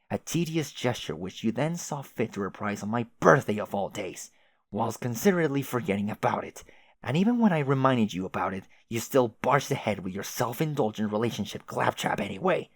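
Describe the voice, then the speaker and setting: A man's voice: medium pitch, animated, a little fast, husky, no echo, clean studio sound. A man voicing a fed-up young woman who is biting and exasperated, swearing at her friend. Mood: angry. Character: fed-up young woman, furious and sharp-tongued.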